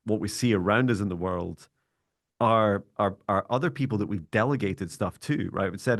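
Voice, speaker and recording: A man hosting a podcast in a calm, monotone voice, chatting reflectively and then leading a slow guided meditation. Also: lowish voice, dry recording, studio quality. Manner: calm, reflective, speaks in slow measured phrases when guiding breathing. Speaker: podcast host.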